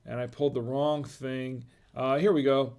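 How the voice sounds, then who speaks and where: A middle-aged man with a medium-pitched, darkish voice hosts a wine review livestream at a moderate pace and with a flat delivery. His talk is casual and rambling, drifting into digressions, with frequent chuckles.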